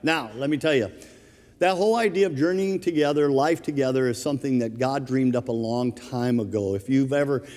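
A man preaching a sermon as minister of his church, telling a funny everyday story in a relaxed, conversational way. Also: medium pitch, a little fast, in a large hall. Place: church sanctuary.

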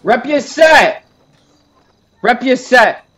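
A man voicing a loud, boastful male street gang member in a game role-play, taunting in heavy street slang. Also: extremely high pitch, lively intonation, drawn-out words, heavily acted. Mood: hyped taunting.

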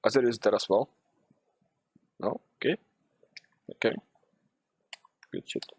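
A young man streaming a game live, talking to himself and yelling and swearing in sudden bursts at his teammates. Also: on the low side, unhurried, creaky, breathy edge, dry recording. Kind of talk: live gameplay commentary.

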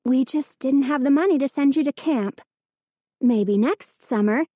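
A woman voicing a busy mother in a storybook reading, brisk and scolding. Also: sits high, mellow, dry recording, studio quality, pitched above the performer's own voice. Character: busy mother, stern but caring.

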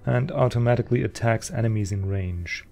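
A man's voice: mid-range voice, a little fast, vocal fry, darkish tone, soft background music. A man casually commenting as he plays through a game, chatty and thinking aloud. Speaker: let's play host. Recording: voice over game audio.

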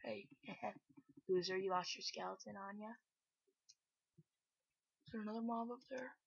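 A woman giving casual, self-mocking gameplay commentary, chatty and breaking into loud exclamations. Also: medium pitch, a little slow, vocal fry, husky, no room sound. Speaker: gameplay video host. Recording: dull lo-fi recording.

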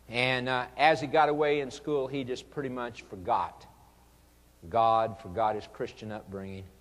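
A man's voice: medium pitch, steady tone, moderate pace, a bit bright, big-room sound. A man preaching an evangelistic sermon, pleading earnestly and rising to fervent emphasis.

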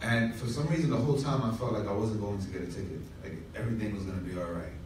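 A man's voice: lowish voice, fast talker, a little mellow, a little hiss or hum. A man pastor telling a humorous story in a sermon, with asides to the congregation. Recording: echoey room from far off.

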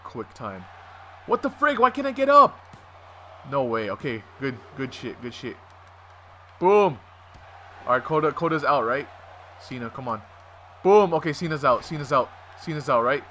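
Excitable gaming commentator man, bright voice. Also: fairly high pitch, a little hiss or hum. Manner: excitable, swears often, yells at the game. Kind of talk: excited let's-play commentary.

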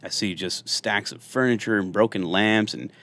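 Animated man telling cop stories. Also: on the low side, normal speed. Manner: animated, jokey storyteller who acts out quotes. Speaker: country singer and former police officer. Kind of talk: casual storytelling in a podcast interview.

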